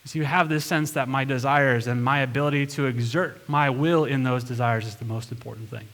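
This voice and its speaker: A man's voice: mid-range voice, fairly bright tone. A man, a pastor, preaching a sermon in a church, earnest and emphatic, leaning hard into the lines he quotes. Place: church sanctuary.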